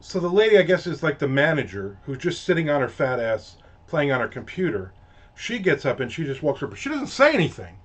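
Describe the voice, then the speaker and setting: A man's voice: a little high, very animated, brisk, slightly rough. A man hosting a casual ranting monologue, telling a story in a profane, exasperated way. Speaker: host. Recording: dull lo-fi audio.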